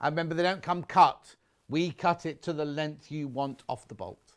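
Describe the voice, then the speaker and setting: A man's voice: a little high, moderate pace. A man presenting fabrics on a live shopping channel, chatty and jokey as he teases the crew.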